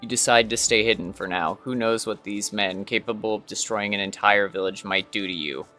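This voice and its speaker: Brief: male streamer, low voice, reads quest text aloud with ums, faint music under. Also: fairly even intonation, a little fast, sharp tone. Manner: reads second-person story text, with hesitant fillers. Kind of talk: reading a game quest aloud.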